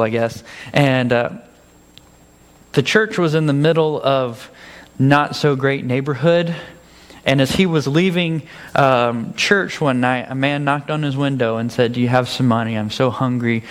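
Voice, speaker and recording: A man preaching a conversational sermon, acting out his own exchanges with God and laughing at his own stories. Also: medium pitch. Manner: acts out dialogues with God in changed voices.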